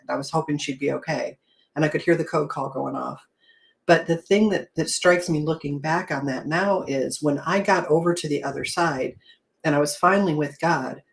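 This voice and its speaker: A woman hosting a casual faith talk, telling her story in an earnest, reflective way. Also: sits low. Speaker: host.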